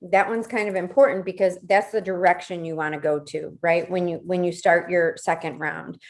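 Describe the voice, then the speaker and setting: A woman's voice: on the low side, steady tone, moderate pace. A woman leading a casual workshop, talking conversationally, repeating words and checking in with "right?". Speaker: workshop leader.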